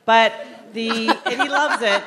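A woman's voice: fairly high pitch, unhurried, a bit bright. A woman comedian guesting on a live podcast, telling a story in a dry, wry way. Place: live stage before an audience.

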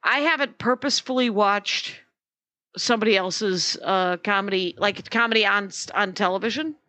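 Comedian co-host, woman, meandering casual talk with restarts; bright, forward tone, dry sound. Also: medium pitch, normal speed, dry recording. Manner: meandering, lots of fillers and restarts. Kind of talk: casual chat.

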